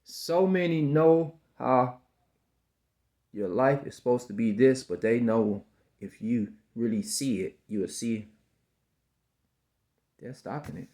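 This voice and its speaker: His voice is mid-range, animated and mellow. He's a man in his fifties, slowly and repetitively sermonizing about self-belief and frequently addressing the listener as baby.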